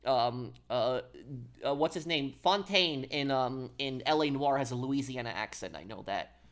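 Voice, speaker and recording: A man's voice: mid-range voice, a bit bright. Rambling man chatting on a game stream. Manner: rambling, halting, answers chat aloud. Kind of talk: casual live-stream chat.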